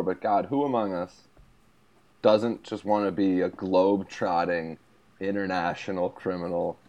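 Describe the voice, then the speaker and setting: Low-voiced man in casual podcast banter. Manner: animated, jokey, does mocking quoted voices. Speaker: podcast co-host. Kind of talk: casual film chat. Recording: dull lo-fi sound.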